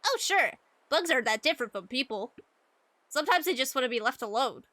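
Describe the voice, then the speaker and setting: A woman voicing a cheerful little bug-hunting kid in a video game, chirpy and quick. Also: high-pitched, expressive, sharp tone, no room sound.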